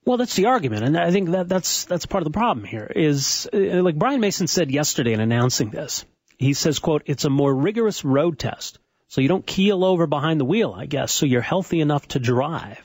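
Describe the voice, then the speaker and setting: A man co-hosting a radio talk show, explaining a local issue in a measured way from a studio. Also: fairly high pitch, lively intonation, darkish tone, breathy edge, dry recording.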